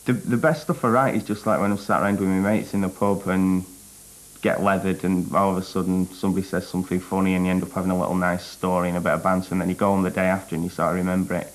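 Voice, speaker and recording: A man's voice: low voice, little pitch movement, fast, poor audio. A man in a casual interview describing how he writes, laddish and offhand. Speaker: comedian interviewee.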